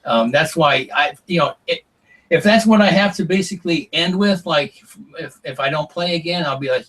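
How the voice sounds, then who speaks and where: A former reality show contestant, a man with a slightly high and somewhat bright voice, tells long rambling stories at a moderate pace as a guest in a casual interview, leaning on plenty of "like" and "you know." The audio quality is poor.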